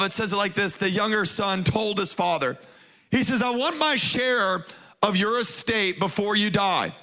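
A man's voice: sits high, bright, forceful tone. A man, preaching a sermon and calling out to the congregation with energy. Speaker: pastor.

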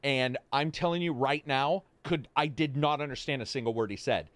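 A man's voice: mid-range voice, normal speed, no echo. A man hosting a casual voice chat, telling stories with lots of swearing and acted-out quotes of his friends. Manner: animated storytelling, swears, acts out friends' lines. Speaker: streamer host.

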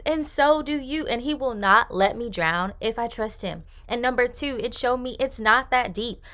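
A woman's voice: mid-range voice, a bit bright. Upbeat, chatty young woman podcaster. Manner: chatty and upbeat, with casual slang. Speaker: podcast host. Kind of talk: faith-based podcast monologue.

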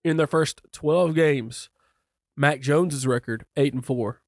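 A man co-hosting a casual podcast, deadpan, reading figures out one by one. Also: on the high side, slow pace, no room sound, clean studio sound. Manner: deadpan, reads stats methodically. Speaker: podcast co-host. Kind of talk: casual chat.

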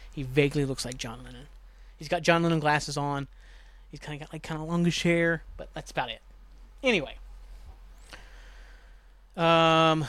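A man hosting a podcast, casually recapping a TV episode in a rambling way, swearing and jumping into quick voices for the characters. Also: fairly high pitch, a bit bright, no room sound. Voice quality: rambling, swears, acts out lines with quick voice jumps. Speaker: podcast host.

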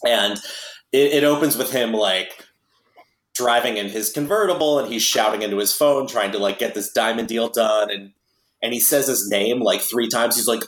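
Wry, chatty man with a low voice. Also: moderate pace, fairly bright tone, reverberant, poor audio. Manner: chatty, wry, many fillers. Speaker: podcast host. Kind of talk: casual movie podcast chat.

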